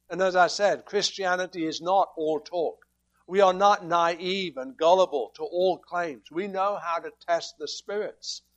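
A man preaching a sermon, emphatic and fond of rhetorical questions as he works through scripture. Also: high voice.

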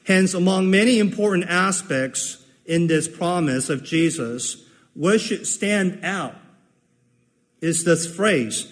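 A man's voice: high-pitched, lively intonation, slow pace. Earnest male preacher in a reverberant hall. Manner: earnest, repeats key phrases for emphasis. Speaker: pastor. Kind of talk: sermon.

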